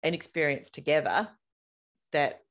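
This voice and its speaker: A woman's voice: deep voice, animated, a little slow. A middle-aged woman hosting a casual interview, thoughtful and often searching for words. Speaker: podcast host.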